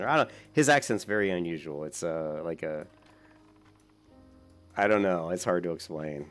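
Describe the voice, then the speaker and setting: Low gravelly man rambling over gameplay. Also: fairly quick, faint music behind. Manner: rambling, with many fillers. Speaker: gaming YouTuber. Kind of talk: casual gameplay commentary.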